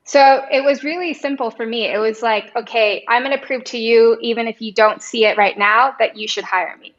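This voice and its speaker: A woman's voice: fairly high pitch, normal speed, lo-fi sound. A woman guest in an interview, telling her story in a casual way and acting out what others said. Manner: lively, quotes others in animated asides.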